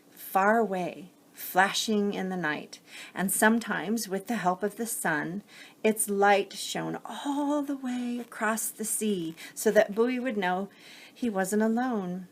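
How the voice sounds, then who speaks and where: A woman reading a picture book aloud to children as a teacher, gently pausing to explain the story. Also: mid-range voice.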